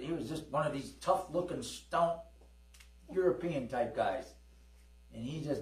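A man's voice: medium pitch, moderate pace, darkish tone. A middle-aged man preaching and telling personal testimony stories, calling for amens from his congregation. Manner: folksy storytelling, call-and-response with the congregation. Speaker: pastor. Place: church hall. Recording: roomy hall, distant mic, mains hum.

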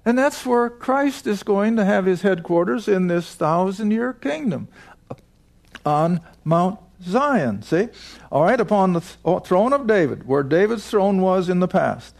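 A man's voice: high-pitched, expressive, a little slow, creaky. A man teaching a Bible passage verse by verse, emphatic, asking his listeners questions and answering them himself.

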